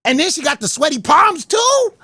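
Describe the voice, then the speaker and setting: A man giving casual livestream commentary, animated, laughing often and stammering over repeated words. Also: very high voice, moderate pace, no room sound, clean studio sound.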